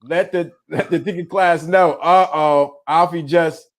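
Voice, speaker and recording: Animated man hosting a live chat. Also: a little high, measured pace. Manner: animated, teasing, laughs often. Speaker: livestream host. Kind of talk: casual live-stream chat.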